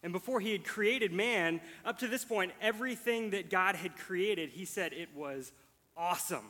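High bright man explaining scripture casually. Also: normal speed, in a large hall. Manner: relaxed, laughs easily, explains in plain words. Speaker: podcast co-host teaching scripture. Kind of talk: casual podcast Bible teaching.

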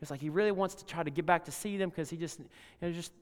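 A man preaching a sermon as pastor, telling a story and swinging between loud emphasis and hushed tones. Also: a little high, quick pace. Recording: long reverb of a large hall.

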